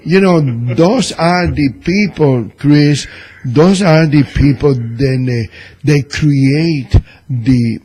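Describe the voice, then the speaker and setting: Man, cuban spanish accent, husky voice, slightly high, slow, opinionated radio talk. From Cuba. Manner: opinionated, animated, broken grammar. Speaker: columnist and radio guest.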